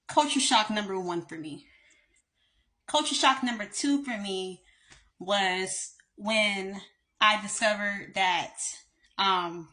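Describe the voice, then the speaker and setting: A woman with a Southern accent and a slight lisp, a lawyer telling stories in a chatty storytime vlog. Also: medium pitch. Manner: chatty, animated storytelling with light laughs.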